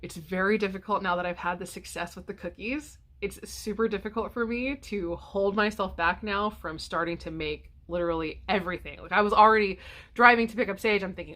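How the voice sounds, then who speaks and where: A woman's voice: mid-range voice, a little fast, fairly bright tone. A middle-aged woman chatting casually to camera at home, rambling with many ums and restarts. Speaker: vlogger. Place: home, by a window.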